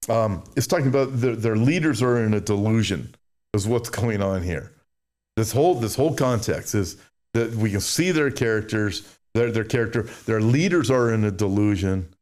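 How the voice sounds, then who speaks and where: A man's voice: moderate pace, a little mellow. A man preaching a sermon, reading Bible verses and commenting emphatically, with mocking asides and frequent restarts. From United States. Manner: mimics complainers in a whiny high voice. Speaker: show host.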